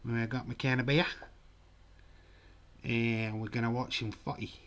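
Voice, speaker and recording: A man's voice: mid-range voice, flat delivery, unhurried, fairly bright tone, close to an everyday voice. A man putting on a cheerful stereotyped Australian bloke, broad and jokey. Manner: broad jokey put-on accent.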